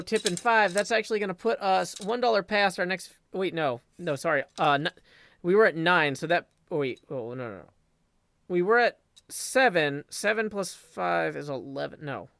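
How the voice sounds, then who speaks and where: A tired man chatting casually on a live game stream, rambling, correcting himself and thinking out loud. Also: sits high, no room sound, clean studio sound. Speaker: Minecraft streamer.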